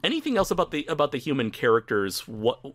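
A man's voice: mid-range voice, big pitch swings, fast, a bit bright. A man hosting a casual film review podcast, swearing freely and laughing often. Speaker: podcast host.

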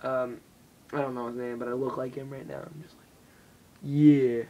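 A teenage boy vlogging in casual chat, rambling and swearing, jumping between loud bursts and whispers. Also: mid-range voice, monotone, fast talker, distant mic, rough recording. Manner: rambling, swearing, jumpy loudness with mock voices and whispers. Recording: voice drifting off the mic.

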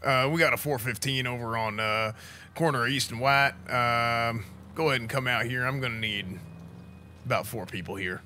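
A man playing a gruff, bossy retired country sheriff in a role-play game, with a put-on drawl. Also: mid-range voice, normal speed, sharp tone, a little hiss or hum, voice pushed down. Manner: drawling, bossy, repeats 'son'. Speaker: streamer.

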